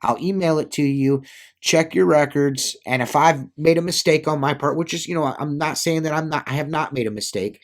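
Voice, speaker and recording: A man's voice: fairly high pitch, fairly quick. A middle-aged window cleaner chatting casually, rambling with lots of fillers and acting out the lines of people in his story. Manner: rambling, filler-heavy, acts out quoted dialogue.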